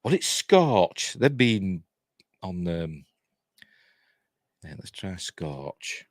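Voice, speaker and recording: A man from Yorkshire, England, with a low-sitting, very animated voice, speaks extremely slowly, recorded dry with clean studio sound. He hosts a live news stream, reading headlines and then rambling off into chatty, self-deprecating asides. He swears mildly and laughs at his own jokes.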